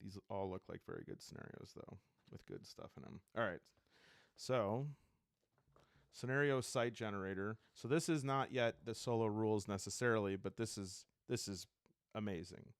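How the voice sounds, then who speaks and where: A man's voice: fairly low pitch, moderate pace, creaky, clean tone, no room sound, studio quality. A man casually flipping through and reviewing a tabletop game book, rambling and thinking aloud with enthusiasm.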